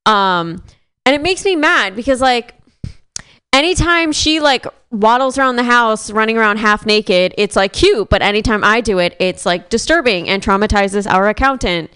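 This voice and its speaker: A young woman in her twenties doing a rambling, deadpan stand-up set on a club stage mic. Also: on the high side, moderate pace, smooth. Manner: deadpan, rambling, self-deprecating. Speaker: stand-up comedian.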